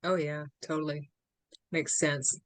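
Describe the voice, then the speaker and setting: A woman's voice: low voice, level tone, measured pace, no room sound. A woman hosting an interview, enthusiastic and affirming as she responds to her guest. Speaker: podcast host. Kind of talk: conversational interview.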